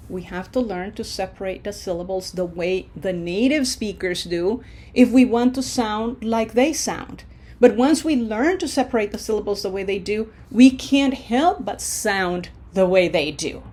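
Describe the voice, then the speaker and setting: Woman language teacher, unhurried delivery, patient and encouraging, models each sound clearly. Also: mid-range voice, a little mellow. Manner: patient, encouraging, checks in with frequent "okay?"; slow, deliberate, models syllables aloud. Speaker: Spanish pronunciation teacher. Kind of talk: online language lesson.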